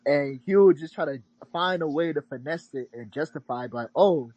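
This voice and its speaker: A husky man with a slightly high voice, talking expressively in a casual podcast chat. He slips into mocking impressions of others as he makes his point. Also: normal speed, darkish tone, no room sound, rough recording. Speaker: podcast co-host.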